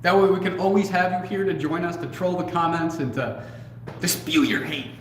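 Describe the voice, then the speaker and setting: A man's voice: high voice, fairly quick. A man co-hosting a casual livestream, reading viewer comments aloud and answering them in a joking, laid-back way with casual swearing. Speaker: co-host. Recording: echoey room with faint noise.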